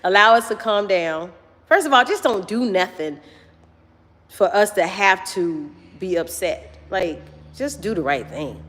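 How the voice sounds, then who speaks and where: A woman's voice: medium pitch, lively intonation, measured pace, a bit bright. A middle-aged woman hosting a casual chat, emphatic and protective as she gives advice to her daughter. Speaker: host and mother. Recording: long hall reverb.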